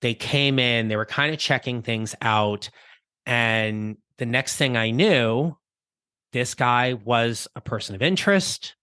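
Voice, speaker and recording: A man hosts a coaching podcast and tells a story from his own life in an easy, reflective way. His voice is bright and forward. The close mic sounds dry, with no room around it. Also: medium pitch, takes it slowly, smooth, no room sound. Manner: conversational, reflective, with small restarts. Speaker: podcast host and career coach. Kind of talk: personal storytelling monologue.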